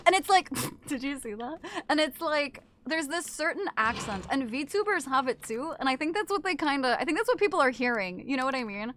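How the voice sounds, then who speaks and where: Excitable young woman streamer, lively pitch. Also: moderate pace, a little hiss or hum. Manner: excitable, swears often, screams and laughs. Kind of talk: casual gameplay chat with chat.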